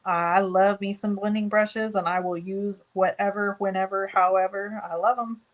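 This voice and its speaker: A woman leads a live cardmaking lesson in a chatty, easygoing way. Her voice sits at an ordinary middle pitch. She talks through each step as she works and pauses to answer viewers by name, often poking fun at herself. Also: flat delivery, low-quality recording. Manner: self-deprecating, talks while working. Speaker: crafting stream host.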